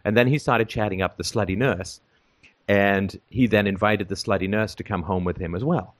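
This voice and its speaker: A man's voice: on the low side, fairly even intonation, normal speed. A middle-aged man from Canada telling a long casual anecdote, rambling with many fillers and restarts. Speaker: storyteller in conversation.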